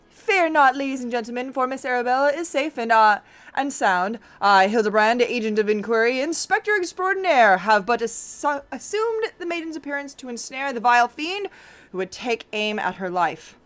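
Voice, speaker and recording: A woman reading game dialogue aloud as a pompous, theatrical gentleman detective who declaims every line. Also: on the high side, expressive, moderate pace. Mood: grandiose.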